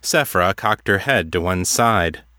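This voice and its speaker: A man giving a measured, scripted narration of a fantasy story. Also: sits low, lively intonation, sharp tone, dry recording, clean studio sound. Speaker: audiobook narrator.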